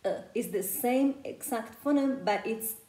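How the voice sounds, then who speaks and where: A woman's voice: mid-range voice, fairly even intonation, moderate pace, vocal fry, dark tone. A woman from Spain with a Spanish accent, coaching English pronunciation in a loose, chatty way full of "you know". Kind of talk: casual teaching talk. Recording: echoey room.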